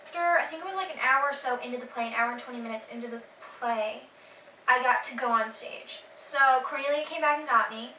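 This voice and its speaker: A teenage girl casually recounting her day in a vlog, gushing and excited with lots of fillers. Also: fairly high pitch, a little fast, reverberant, recorded from a distance, slight background noise, rough recording. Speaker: vlogger.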